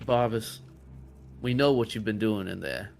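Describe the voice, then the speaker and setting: A man playing a tabletop game, calmly questioning a captive in character. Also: fairly low pitch, unhurried, creaky, faint music behind. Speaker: player.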